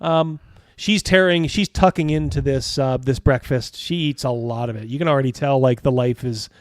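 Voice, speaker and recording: A man's voice: medium pitch, moderate pace, no echo, studio quality. A man narrating as game master, rambling with many fillers and chuckles.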